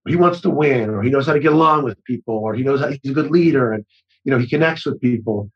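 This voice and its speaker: A man's voice: medium pitch, fast talker, breathy edge, highs cut off. A man in his forties, an actor-director guest, telling stories in casual conversation with many restarts and acted-out quotes.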